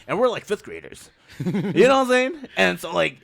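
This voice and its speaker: Animated, laughing young man telling stories. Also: sits high, normal speed, vocal fry. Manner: laughs often, swears freely, animated retelling. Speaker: podcast host. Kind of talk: casual storytelling chat.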